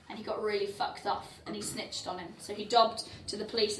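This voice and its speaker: A woman's voice: medium pitch, fairly bright tone, a little hiss or hum. Laughing woman comedian telling a tale live. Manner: laughing often, profane, acts out quotes. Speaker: comedian co-host. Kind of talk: comic storytelling at a live show. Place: windowless venue at a festival, live audience. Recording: roomy live venue from a distant mic.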